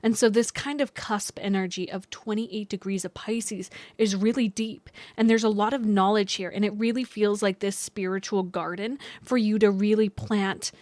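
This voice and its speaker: A woman's voice: medium pitch, fairly even intonation, normal speed, hardly any pauses, a little mellow, no room sound. A young woman astrologer talking casually to her viewers, loose and chatty with many fillers and restarts. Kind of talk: casual astrology vlog talk.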